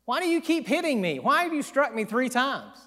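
A man doing a pleading, high talking donkey. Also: sing-song, brisk, bright, forceful tone, big-room sound, exaggerated voice. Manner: plaintive, exasperated questions. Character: stubborn put-upon talking donkey, pleading.

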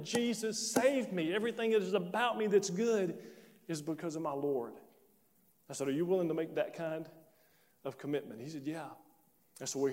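A man preaching a sermon, telling a story and acting out both sides of a conversation in an animated way. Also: a little high. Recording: long reverb of a large hall.

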